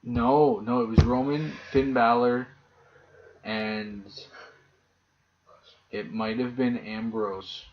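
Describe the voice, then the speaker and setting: A man's voice: medium pitch, takes it slowly, long pauses. A man chats on a casual podcast, swearing freely and acting out every exchange as he tells it. His voice sits in an ordinary middle register. The audio is dull and lo-fi. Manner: profane, animated storyteller. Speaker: podcast co-host. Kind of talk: casual chat.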